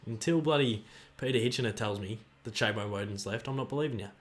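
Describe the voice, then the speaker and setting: An excitable man with an Australian accent hosts a livestream, chatting casually while he cheers and groans at the players in a football match. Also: mid-range voice, fast, few pauses. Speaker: livestream host. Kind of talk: live watch-along commentary and chat reading.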